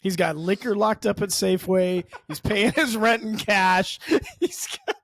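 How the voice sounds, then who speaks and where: A man's voice: sits high, unhurried, a bit bright, no echo. A man co-hosting a casual podcast, teasing his friend and laughing often. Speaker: podcast co-host.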